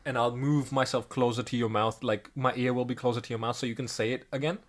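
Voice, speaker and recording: A podcast co-host chats casually, rambling and correcting himself with frequent chuckles. His voice is medium in pitch, steady in tone and fast.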